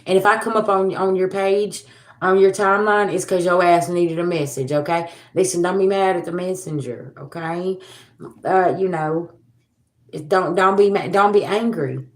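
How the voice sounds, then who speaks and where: A blunt, sassy woman in her forties ranting casually to her livestream viewers. Her voice sits fairly low, and she swears freely. The sound is echoey, like a bare room at home. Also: normal speed. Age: 40s. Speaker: tarot reader and livestream host.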